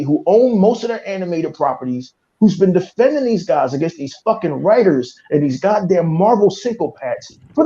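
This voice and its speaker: High-voiced, fiery cursing man ranting. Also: dark tone, highs cut off. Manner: fiery, cursing, repeats himself. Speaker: podcast host. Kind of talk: heated profane rant.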